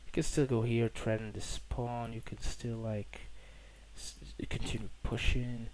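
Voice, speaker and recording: A man's voice: mid-range voice, flat delivery, unhurried, low-quality recording. A young man from Portugal casually talking through his own chess game, rambling, self-correcting and slangy, on a cheap mic. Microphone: poor-quality microphone. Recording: cheap mic with loud noise.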